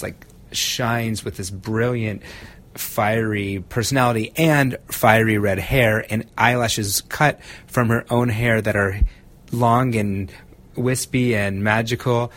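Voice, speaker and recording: Laughing man telling stories. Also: fairly low pitch. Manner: animated storytelling with frequent laughs. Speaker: guest, street style photographer. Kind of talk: casual chat.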